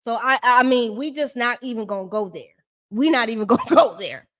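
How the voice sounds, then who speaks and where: A high-voiced woman holds court on a live stream, recapping a reality show in a loose, chatty way. She is sassy and shady, ranting at the people on screen. Her voice sits up high and stays lively. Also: fairly quick. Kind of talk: casual live-stream commentary.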